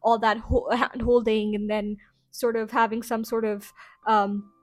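A woman's voice: fairly high pitch, level tone, a little slow. A woman hosting a casual rambling review show, chatty and full of filler phrases. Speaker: podcast host.

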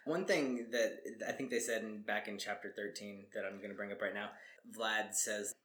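A man's voice: fairly low pitch, fairly even intonation, normal speed, fairly bright tone. A man co-hosting a book discussion podcast, rambling casually and filling his talk with "like" and "you know". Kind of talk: casual chat.

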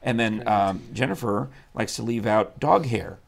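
A man with a gravelly, creaky voice hosts a relaxed morning talk show. He chats easily, jokes and throws in quick asides, keeping things moving. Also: on the low side, crowd noise. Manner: chatty, joking, quick asides. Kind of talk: casual live show chat.

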